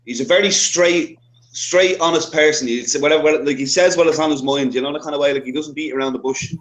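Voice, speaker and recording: A man's voice: on the high side, fast talker. A man from Ireland with an Irish accent, chatting casually as a guest on a stream and swearing freely. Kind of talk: casual chat.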